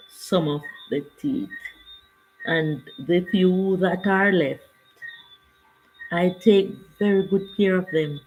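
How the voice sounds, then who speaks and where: A woman's voice: on the low side, a little hiss or hum, rough recording. An older woman, chatting casually on her livestream and greeting viewers by name. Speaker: livestream host.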